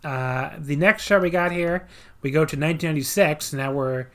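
A podcast host chatting casually through a wrestling match recap, full of sarcastic asides and filler words. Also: male voice, fairly high pitch, moderate pace, fairly bright tone. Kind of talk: casual wrestling review chat.

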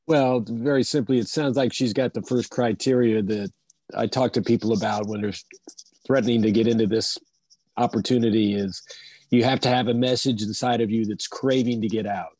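Calm, measured male coach. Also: mid-range voice, husky, dry recording. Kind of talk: explaining and telling a teaching story on a video call.

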